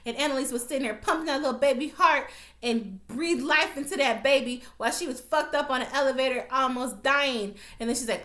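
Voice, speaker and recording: A woman with a slightly high voice rants through a TV episode recap. She talks straight to her viewers, blunt and profane, with plenty of animated asides. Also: fairly quick, echoey room. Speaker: TV recap vlogger. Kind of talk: casual profane recap rant.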